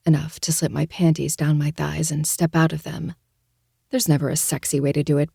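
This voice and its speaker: Low, husky woman narrating a romance audiobook. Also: warm tone, no echo, clean studio sound.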